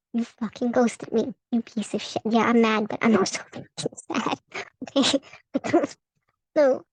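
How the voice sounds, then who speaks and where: A woman's voice: a little high, no room sound, poor audio. A woman vlogging about a tarot reading, profane and heated, laughing between rants. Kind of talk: casual ranting vlog.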